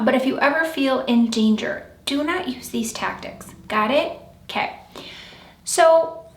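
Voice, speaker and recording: A woman's voice: on the high side, vocal fry. Blunt advice-giving woman, echoey room. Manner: blunt, emphatic, coaching tone. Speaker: relationship advice host. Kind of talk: direct-to-camera advice talk.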